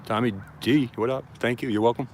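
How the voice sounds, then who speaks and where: A man's voice: mid-range voice, steady tone, a little fast, slight background noise. Chatty man live-streaming outdoors. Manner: chatty, greeting viewers by name as he walks. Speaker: live-streaming first amendment auditor. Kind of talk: casual live-stream chat. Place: outdoors by a police station.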